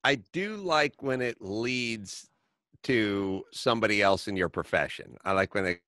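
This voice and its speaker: A middle-aged man hosting a podcast, telling stories in a casual chat and ranting in quick bursts. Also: lowish voice, animated, sharp tone, no echo. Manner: storytelling, rants in quick bursts. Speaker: podcast host.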